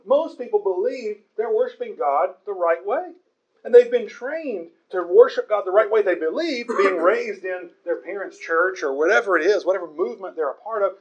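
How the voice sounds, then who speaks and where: A man's voice: sits high, lo-fi sound. A man preaching a conversational Bible sermon in an earnest way, often stumbling over repeated words.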